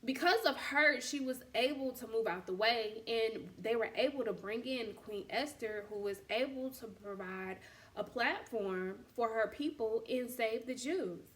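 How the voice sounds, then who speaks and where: A woman's voice: on the high side, unhurried, fairly bright tone. A woman hosting a casual faith talk, speaking candidly in slangy, storytelling fashion. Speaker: podcast host and boutique owner.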